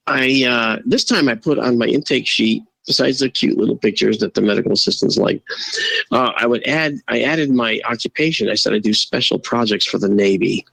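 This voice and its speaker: A man guest telling a casual, animated story and acting out the quoted voices. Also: on the low side, creaky, husky, no echo, rough recording. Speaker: guest, astronomer and photo-video analyst.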